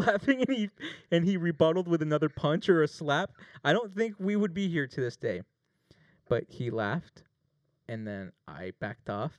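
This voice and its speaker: A man's voice: fairly high pitch, no room sound. A man telling a long story with jokes and swearing, playing a plaintiff in a mock trial. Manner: animated, swearing, jokey. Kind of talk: casual mock courtroom storytelling.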